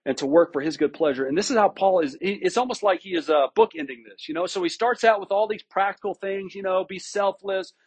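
Man, pastor, conversational sermon, husky breathy tone, higher pitch, frequent restarts. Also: a little fast, few pauses. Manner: informal, with frequent restarts and rhetorical "right?".

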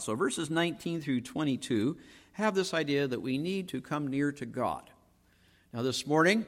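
A man delivers a sermon as pastor, his voice sitting a little high for a man. He talks in a measured way and slows down to drive each quoted verse home. His words trail off into a long reverb, as if he is heard in a church sanctuary. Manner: measured preaching with slow emphatic quoting of verses.

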